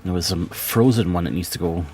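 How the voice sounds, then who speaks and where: A man's voice: deep voice, a little fast, heavy background noise. A man streaming a game from home, casually muttering to himself and chatting with viewers, swearing now and then. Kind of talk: casual gaming stream chat.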